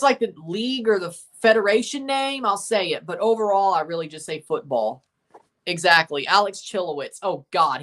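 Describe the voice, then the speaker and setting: A man's voice: high-pitched, a bit bright. A man from Mississippi with a Southern accent, hosting a casual livestream and chatting with viewers in an opinionated, rambling way. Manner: chatty, opinionated, rambling, answers chat messages. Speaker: livestream host. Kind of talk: casual livestream watchalong commentary, reading chat.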